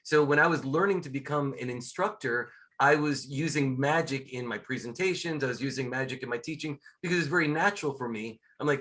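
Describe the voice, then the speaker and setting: A middle-aged man, a guest scuba instructor and magician, chatting casually in an interview and telling lively stories, acting out quotes as he goes. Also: medium pitch, brisk. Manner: lively storyteller, acts out quotes.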